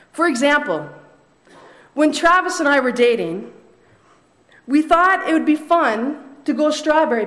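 A young woman preaching a sermon in a measured way, repeating key phrases for emphasis. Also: high voice, fairly bright tone.

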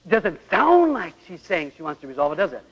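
A man gives an earnest lecture on marriage, posing rhetorical questions and acting out examples. His high voice swings widely in pitch, runs a little fast, and is a bit bright and slightly rough. It's a dull radio recording with a long hall echo.

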